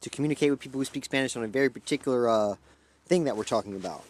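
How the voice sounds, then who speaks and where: A man's voice: medium pitch, rapid-fire. A young man from Louisiana hosting a livestream, talking in a rambling, profane, erratic way that jumps between topics. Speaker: livestream host. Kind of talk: rambling casual livestream chat.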